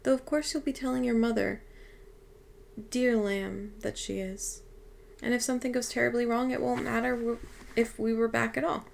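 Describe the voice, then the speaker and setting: A woman reading aloud, voicing a cheerful, eccentric old otherworldly woman who chats briskly and soothingly. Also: on the high side, steady tone, vocal fry, a little hiss or hum. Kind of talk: audiobook reading.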